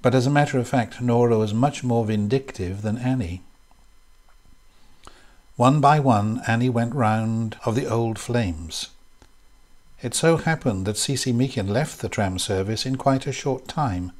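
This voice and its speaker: A man reading a literary short story aloud in a measured, even way. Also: mid-range voice. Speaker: reader.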